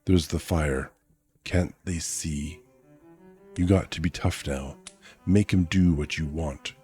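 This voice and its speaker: Man reading as a fretful, pleading boy, deep voice, storybook read-aloud. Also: slow pace, mellow, faint music behind. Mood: anxious. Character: anxious, fretful bespectacled boy.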